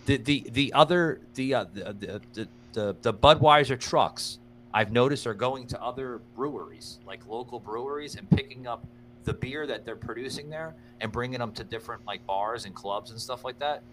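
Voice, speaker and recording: A man's voice: medium pitch, moderate pace, fairly bright tone, slight background noise. A man co-hosting a casual podcast, rambling with many restarts and fillers, a little out of breath. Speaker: podcast co-host.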